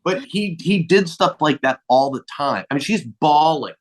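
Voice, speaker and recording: Speaking at a moderate pace in an expressive voice on the high side, a middle-aged male comedian tells casual stories as a guest. He acts out what people said and swears a little.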